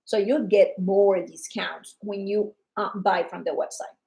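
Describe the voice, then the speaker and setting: A woman from Colombia with a Colombian Spanish accent, chatting casually and excitedly about a wellness product, acting out customers' lines. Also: medium pitch, unhurried, vocal fry, low-quality recording. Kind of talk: casual livestream chat.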